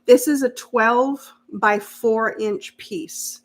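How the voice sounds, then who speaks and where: A woman's voice: fairly high pitch, steady tone, very slow. A woman hosting a casual live sewing stream, chatting and laughing easily as she answers viewer comments while she works. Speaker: sewing channel host.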